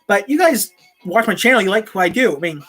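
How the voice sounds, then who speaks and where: A woman's voice: mid-range voice, expressive, a little fast, husky, soft background music. A woman hosting her own channel, chatting casually at home and restarting her sentences often. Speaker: channel host. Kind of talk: rambling casual talk to camera. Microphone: desk microphone.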